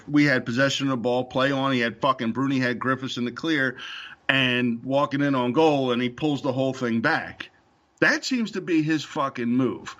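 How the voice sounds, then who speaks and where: A man's voice: medium pitch, bright, forceful tone. A man co-hosting a casual football podcast, ranting heatedly and swearing a lot. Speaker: podcast co-host.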